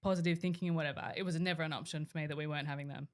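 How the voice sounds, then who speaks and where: A young woman chatting as a podcast guest, quick to jump in and finish her partner's thoughts. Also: low voice, steady tone. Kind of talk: casual chat.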